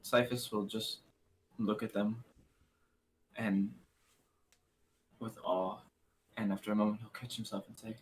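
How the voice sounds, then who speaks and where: Dude playing a tabletop rpg, lowish voice, casual and swears a bit. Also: male voice, fairly even intonation, measured pace, pauses often, slight background noise, poor audio. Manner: casual, swears, narrates own character. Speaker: player.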